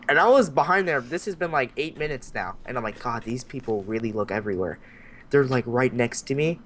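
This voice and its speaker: A man's voice: mid-range voice, slight background noise. A young man casually telling a story on a podcast, acting out the voices of the people in it and swearing freely. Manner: animated, acts out voices in his stories, swears freely. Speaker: podcast host.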